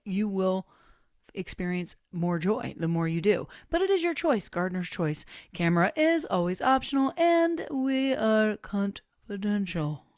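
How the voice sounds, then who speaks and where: A woman's voice: mid-range voice, dry recording, clean studio sound. A woman hosting an online creativity gathering from her home, talking in a playful, self-mocking, upbeat way. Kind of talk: casual spiritual group talk.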